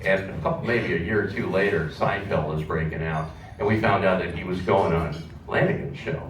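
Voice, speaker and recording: A man's voice: low-pitched, far from the mic, slight background noise. A man, a former radio morning host, reminiscing on stage in a chatty, laughing way. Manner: chatty and laughing, with a quick back-and-forth. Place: indoor music venue. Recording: echoey room, heard from afar over a crowd.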